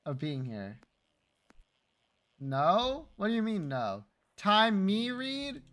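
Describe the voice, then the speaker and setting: A man's voice: sits high, huge pitch swings, slow pace, a bit bright. A man streaming live, chatting casually with his viewers, teasing and joking and swearing freely.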